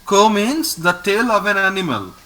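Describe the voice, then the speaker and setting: A man's voice: sits high, very animated, normal speed, sharp tone, rough recording. A man teaching a French lesson. He repeats words patiently and praises his student often. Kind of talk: online language lesson with a student.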